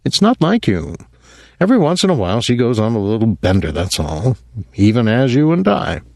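A man's voice: medium pitch, sing-song, a little fast, vocal fry, a little mellow, dry recording, studio quality. A man reading an audiobook, voicing a dismissive middle-aged man who talks in a curt way.

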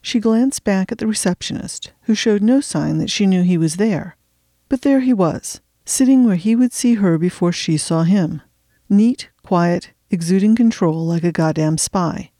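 A woman's voice: mid-range voice, measured pace, dark tone, no echo, clean studio sound. A woman hosting a fiction podcast, chatting wryly before reading her own mystery story aloud from her attic. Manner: wry, chatty and self-deprecating. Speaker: podcast host and fiction reader. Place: home attic.

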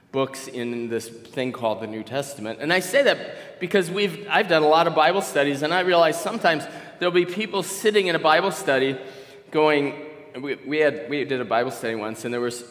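A man's voice: medium pitch, a bit bright. A man in his sixties giving a conversational sermon as a guest pastor, telling stories with frequent restarts. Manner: conversational, rambling storytelling with restarts. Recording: long hall reverb.

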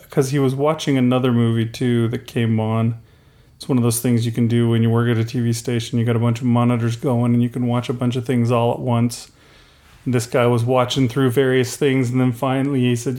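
A middle-aged man talks casually on a podcast, drifting from point to point. He is animated, laughs often and briefly mimics people he quotes. His pitch sits in an ordinary middle range. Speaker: podcast co-host. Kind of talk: casual chat.

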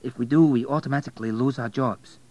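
A man reading the part of a young Polish immigrant waitress, speaking softly with a Polish accent and a gently teasing manner. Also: medium pitch, fairly even intonation, fast, highs cut off, voice pushed up, natural voice. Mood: gentle.

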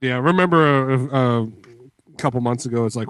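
A man's voice: medium pitch, a little fast, fairly bright tone, clear, resonant tone, dry recording, clean studio sound. A man co-hosting a casual podcast chat, making joking asides. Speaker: podcast co-host.

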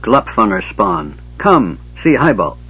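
A man's voice: on the low side, sing-song, a little slow, bright, forceful tone, breathy edge, exaggerated voice. A man voicing a bossy little female gully dwarf who speaks in broken grammar. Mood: proud. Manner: broken grammar, demanding and indignant. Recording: dull lo-fi audiobook recording.

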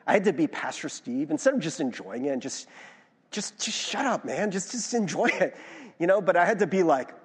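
A man's voice: fairly high pitch, brisk, slightly rough, in a large hall. A young man preaching a sermon as pastor, chatty and self-mocking, checking in with the listeners often. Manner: animated, chatty, self-mocking, frequent "right?".

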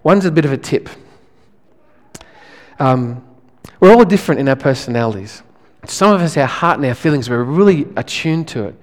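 A male pastor, preaching a sermon in a relaxed, conversational way, often restarting his phrases. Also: medium pitch, normal speed, long reverb tail.

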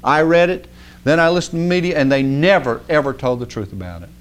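Male preacher, folksy conversational sermon, slightly high voice, swings from hushed to emphatic. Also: fast. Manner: animated, rising to emphatic outbursts.

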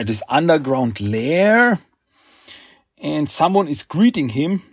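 A man hosting a podcast, recapping a comic book in a rambling, halting way with fillers. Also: a little high, no room sound, studio quality. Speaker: podcast host.

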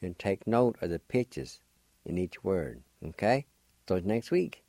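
Male radio language teacher, very slow and patient, mellow low voice, dry studio sound. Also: very animated, no room sound. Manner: patient, spells words out letter by letter; sounds out syllables slowly and repeats them.

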